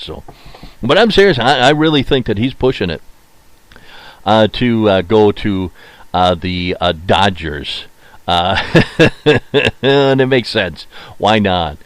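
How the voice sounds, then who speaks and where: A man hosts his own sports podcast, his pitch leaping up and down as he talks. He is opinionated and chatty, repeats his points, and pads his pauses with "uh." His voice is close and dry, with no room sound at all. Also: animated, dry recording. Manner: opinionated, mocks teams in put-on quoted voices; frequent filler "uh" and repeated phrases. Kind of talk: casual solo sports talk.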